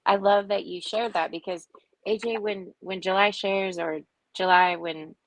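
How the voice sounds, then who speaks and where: A woman in her forties on a video call, telling personal stories in an earnest, reflective way with many pauses. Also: medium pitch, steady tone, no room sound, rough recording. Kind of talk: casual heartfelt group chat.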